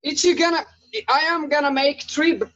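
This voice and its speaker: A man from Brazil with a Brazilian Portuguese accent, a guest blacksmith chatting casually over a call, halting as he searches for words in a language that is not his first. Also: very high-pitched, steady tone, a bit bright, no room sound. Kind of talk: casual video call chat. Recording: muffled call audio.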